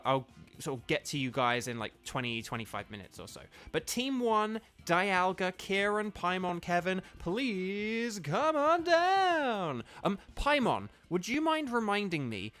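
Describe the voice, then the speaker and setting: A man's voice: on the high side, a bit bright. Chatty friendly man streaming with viewers. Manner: chatty, friendly, lots of fillers and restarts. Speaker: streamer and voice actor. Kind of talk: casual livestream chat with viewers. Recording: faint game music behind.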